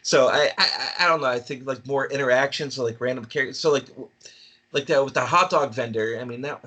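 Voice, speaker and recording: A man talking casually as a podcast guest, laughing often and breaking into animated impressions. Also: medium pitch, fairly quick. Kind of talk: casual chat.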